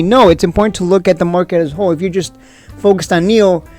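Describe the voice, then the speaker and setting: Man, high-pitched, excitable, rhetorical questions, casual trading commentary, faint background music. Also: quick pace. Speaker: stock trading video host.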